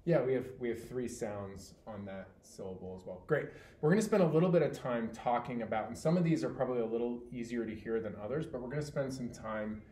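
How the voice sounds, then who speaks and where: A man's voice: medium pitch, quick pace, a little hiss or hum. Patient male tutor in a roomy space. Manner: patient, encouraging, steady praise. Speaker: teacher. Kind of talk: one-on-one reading tutoring. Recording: roomy with faint ambience.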